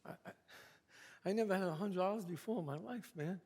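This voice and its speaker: A man voicing a quiet, hesitant young boy in a one-man stage show. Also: high voice, moderate pace, husky. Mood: nervous. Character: timid young boy, small and nervous. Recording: live stage, long reverb, faint ambience.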